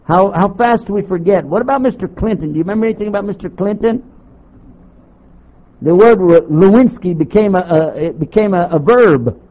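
An older man from Texas, a Muslim chaplain, preaching to an audience with sarcastic, animated storytelling and rhetorical questions. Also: high-pitched, brisk. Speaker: Muslim chaplain giving a talk. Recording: dull lo-fi tape recording.

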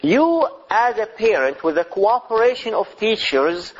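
A middle-aged man giving a religious lecture on parenting, speaking deliberately and asking his listeners rhetorical questions. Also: high voice, big pitch swings. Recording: slightly dull lo-fi recording.

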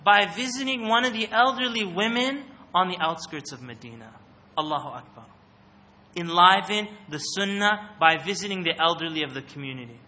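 Guy giving a religious talk to a room, keeps asking people questions, real sharp tense voice. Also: sits high, normal speed. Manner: questions the audience and calls on them. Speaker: speaker giving an Islamic talk. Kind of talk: interactive religious talk to an audience. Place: room with a live audience. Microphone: microphone.

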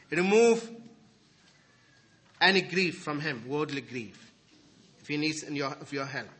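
Lively husky-voiced male preacher. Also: a little high. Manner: animated, swings from loud emphasis to soft asides. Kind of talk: sermon.

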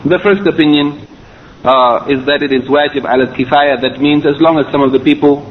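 A man's voice: a little high, steady tone, brisk. Guy giving a religious lecture, walks through it step by step, sounds like an old phone line w a little hiss. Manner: explaining step by step, with fillers and self-corrections. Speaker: Islamic studies teacher. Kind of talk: recorded lecture. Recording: tinny phone-line quality, faint hiss.

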